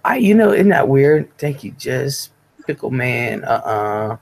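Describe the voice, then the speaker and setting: A woman's voice: very deep voice, sing-song, unhurried, vocal fry, a little mellow. A woman in her forties from Ohio hosting a casual livestream, chatting and reading viewer comments aloud. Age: 40s. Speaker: livestream host. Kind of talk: casual chat, reading out live chat.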